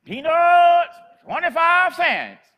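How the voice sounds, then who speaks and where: A man voicing a tiny hunched old woman who sells peanuts on the street, calling out loud and slow. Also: very high voice, big pitch swings, lo-fi sound, voice pushed up, exaggerated voice. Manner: calls out loud and drawn out.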